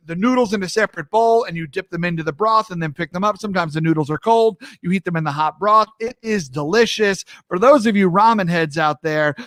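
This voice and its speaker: A man's voice: high-pitched, a bit bright, dry recording, clean studio sound. A man from the US East Coast hosting a live talk show, chatting energetically and calling his viewers friends. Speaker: host.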